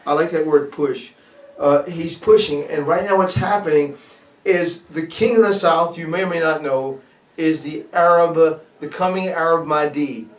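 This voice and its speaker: American male pastor, bilingual sermon, halting in his second language; echoey room, mic kept at a distance. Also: on the high side. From United States. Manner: switches between English and French, halting restarts in French.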